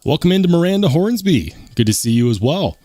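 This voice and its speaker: A man's voice: a little high, big pitch swings, a little fast, mellow, no room sound, studio quality. A man hosting a casual live stream, reading the chat aloud and joking about himself in a plain, unaccented voice. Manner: chatty, reads chat aloud, self-mocking.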